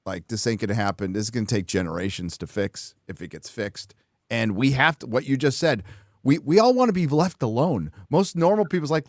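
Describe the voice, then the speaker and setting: A man hosting a live talk show, blunt and profane in casual political chat. His voice is mid-pitched and comes across dry and close, with no room sound. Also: sing-song, a little fast, darkish tone, dry recording. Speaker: host.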